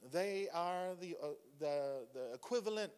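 A man preaching a sermon in a conversational, animated way, asking the congregation questions as he goes. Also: high-pitched, a little slow, smooth. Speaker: pastor. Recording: reverberant church hall.

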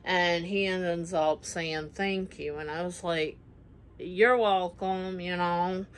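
Slow-talking woman telling a rambling story. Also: on the low side, steady tone, slight background noise. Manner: rambling, many fillers, acts out quoted lines. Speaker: vlogger. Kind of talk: casual storytime vlog.

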